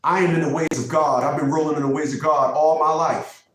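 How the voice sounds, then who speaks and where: A man's voice: a little high, fairly even intonation, a little fast, fairly bright tone. A man in his fifties hosting his own vlog, talking in a casual but preachy monologue, emphatic and repeating his points for effect. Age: 50s. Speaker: vlogger host. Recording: very echoey room, mic far off.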